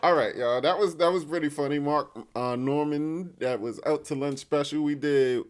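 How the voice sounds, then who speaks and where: Loose, halting man wrapping up a video. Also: on the high side. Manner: halting and loose, lots of um and uh, addresses viewers as y'all. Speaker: reaction video host. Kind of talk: casual chat to viewers.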